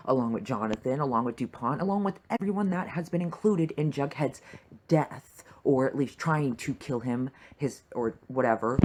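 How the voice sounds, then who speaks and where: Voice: medium pitch, normal speed, darkish tone, slight background noise. A young adult fan reviewing a TV episode in a heated, profane rant full of fillers and asides. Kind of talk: reaction rant.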